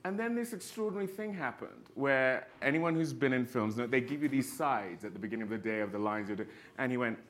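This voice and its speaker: Male actor panelist with a bright tone, expressive storyteller who laughs through his anecdotes. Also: medium pitch, fairly quick, hardly any pauses. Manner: expressive, laughs often while telling stories. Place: panel stage.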